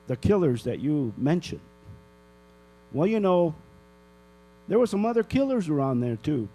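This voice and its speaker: An older man from northern New Mexico stands at a public comment microphone in a council chamber, scolding the officials with indignant rhetorical questions. His voice sits fairly high for a man. A steady electrical hum runs under the recording. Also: a little slow, long pauses, low-quality recording.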